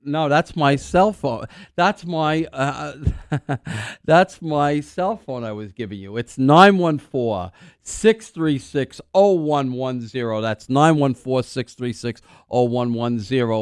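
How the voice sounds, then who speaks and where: A man's voice: mid-range voice, slow pace, dry recording, studio quality. Rambling middle-aged male radio host. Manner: rambling, filler-heavy, restarts often; coughs and clears throat now and then. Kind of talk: call-in radio talk. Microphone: studio microphone.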